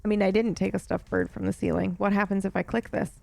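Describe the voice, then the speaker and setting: A woman's voice: medium pitch, little pitch movement, quick pace, gravelly, darkish tone, no echo. A young woman streaming a story game, chatting casually with her viewers and reading the game's text aloud, laughing often. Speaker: let's play streamer.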